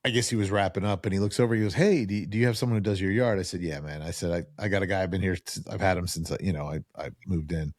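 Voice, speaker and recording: A middle-aged man in a casual podcast chat, an animated storyteller who acts out quoted dialogue. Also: low voice, very fast, hardly any pauses, no room sound, clean studio sound.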